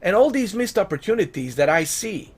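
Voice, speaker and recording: A man's voice: high-pitched, big pitch swings, brisk, breathy edge. A man ranting in vlog commentary about games, exasperated and emphatic, swearing and firing off rhetorical questions. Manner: pleading and emphatic. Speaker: gaming vlogger.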